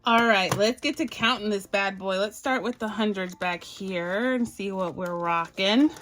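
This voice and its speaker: Faint music plays behind a Barbadian woman who sorts and tallies cash for her budget, chatting playfully with viewers she calls y'all. Her mid-range voice is a bit bright and unhurried.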